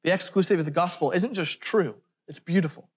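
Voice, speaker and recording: A man's voice: sits high, fast, husky. A man preaching a sermon in an earnest, emphatic way, stressing lists of words and breaking off for brief asides. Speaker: pastor.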